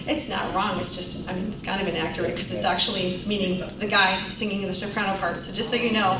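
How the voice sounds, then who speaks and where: A woman teaching a choir class, explaining and singing examples in an encouraging way. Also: a little high. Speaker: vocal coach. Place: church rehearsal room. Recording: echoey room from far off, noisy.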